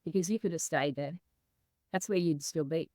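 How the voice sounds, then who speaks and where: A woman's voice: deep voice, moderate pace, warm tone, no echo. A woman host in a reflective interview, speaking in a thoughtful, affirming and encouraging way.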